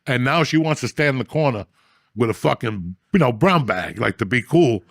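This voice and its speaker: Gravelly man telling crude stories. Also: mid-range voice, lively intonation, moderate pace, a bit bright, no echo, studio quality. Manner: crude, profane storytelling, acts out quoted people. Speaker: storyteller guest. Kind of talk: casual storytelling chat.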